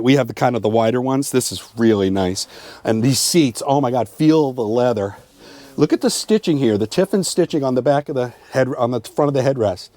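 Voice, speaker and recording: A man's voice: medium pitch, a little mellow, dry recording. A man casually giving a chatty, upbeat walkthrough of a motorhome at an RV show, pointing out features with frequent fillers. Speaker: RV travel vlogger giving a tour.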